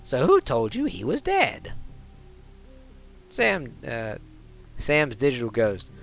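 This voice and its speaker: A guarded, terse woman shadowrunner from a video game, read in a man's everyday voice with clipped lines, as a man reads her. The tone is gravelly and plain. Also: mid-range voice, wildly swooping pitch, takes it slowly, soft background music, exaggerated voice. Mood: dry.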